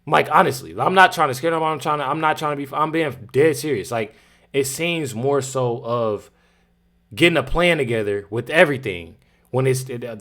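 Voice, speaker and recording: A man hosting a reaction video, talking in a casual, slangy, repetitive way and sometimes laughing in disbelief. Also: medium pitch.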